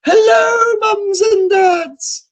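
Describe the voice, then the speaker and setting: A brassy pantomime dame, shrieking her greetings high and loud at a crowd of grown-ups, as a man puts her on. She is cheeky and bossy, sing-song, and calls out to the back of the theatre. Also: steady tone, drawn-out words, full character voice. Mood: teasing, brassy.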